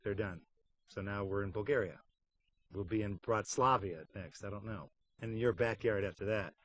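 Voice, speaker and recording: This middle-aged voice actor speaks at a moderate pace in a lowish register, chatting casually behind the scenes about a game. His tone stays wry and playful as he jokes about the craft and puts on goofy voices to tell stories.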